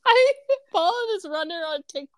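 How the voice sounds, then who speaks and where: A woman in casual chat, telling stories with animated delivery and acting out what other people said. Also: extremely high pitch, normal speed, dry recording. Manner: animated storytelling, acts out quoted people.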